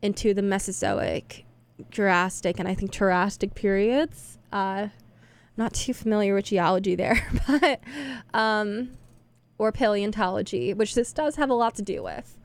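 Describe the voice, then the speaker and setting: A young woman with a medium-pitched voice and measured pace hosts a radio show. Between songs she chats casually, rambling and poking fun at herself, her talk full of fillers and restarts.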